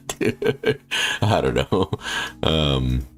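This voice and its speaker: Very deep-voiced, rambling male streamer. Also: lively intonation, moderate pace, slight background noise. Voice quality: bassy voice. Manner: rambling, filler-heavy, restarts often, laughs easily. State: feels like coughing. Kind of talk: casual live-stream chat while gaming.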